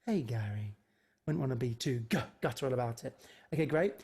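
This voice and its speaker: A man leading an online choir lesson over a video call, talking in quick, playful asides between demonstrations. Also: mid-range voice, vocal fry, a little mellow, breathy edge. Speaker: choir leader. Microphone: computer mic on a video call.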